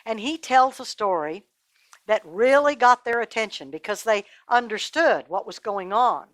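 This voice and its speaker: A woman's voice: fairly high pitch, lively intonation, moderate pace, no echo. A woman storyteller telling a Bible story expressively and speaking directly to children.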